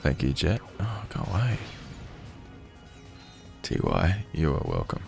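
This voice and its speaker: Very low, croaky-voiced male streamer. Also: wildly swooping pitch, slow. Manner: chatty, jokey asides to viewers. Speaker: game streamer. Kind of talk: casual gameplay livestream commentary. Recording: game music under voice. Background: game music.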